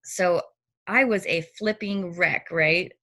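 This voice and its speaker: A middle-aged woman telling a personal story in casual chat, animated and often acting out her own reactions. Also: lowish voice, slow pace.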